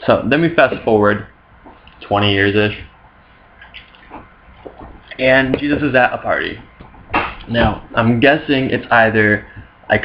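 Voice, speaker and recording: A man's voice: mid-range voice, lo-fi sound, slight background noise. A young man rambling through an off-the-cuff comic retelling of a story, full of slang and asides. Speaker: vlogger.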